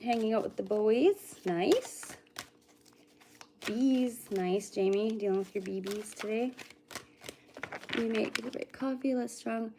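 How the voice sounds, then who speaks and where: A woman's voice: on the high side, slow, long pauses, noisy background. A woman who is a psychic medium, chatting casually with livestream viewers. She greets them by name and hums and mutters to herself between readings.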